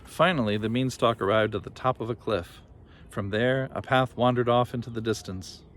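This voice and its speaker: A man reads a children's storybook aloud, lively and expressive. His voice sits at a middle pitch. Faint ambience hums behind him. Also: normal speed, slight background noise. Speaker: reader.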